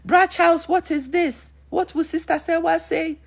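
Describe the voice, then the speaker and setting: A woman's voice: very high-pitched, fairly even intonation, normal speed, vocal fry, pitched above the performer's own voice. A woman voicing a man who preaches at a friend and scolds him, pleading and calling his name again and again. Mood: pleading scolding. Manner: pleading, repeating the name over and over.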